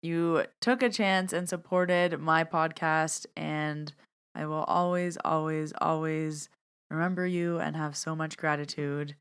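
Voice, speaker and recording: A woman's voice: on the low side, fairly bright tone, clear, resonant tone. A woman hosting her own podcast, chatting through a reflective, heartfelt year-end recap as a medium and teacher.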